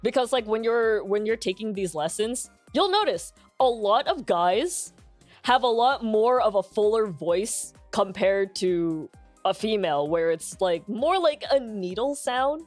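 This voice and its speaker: A woman's voice: mid-range voice, measured pace, no echo, faint music behind. A young adult woman streaming, chatting candidly with lots of fillers and laughs, in a full, grounded speaking voice. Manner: relaxed and candid, many fillers, laughs often. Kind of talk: casual chat stream.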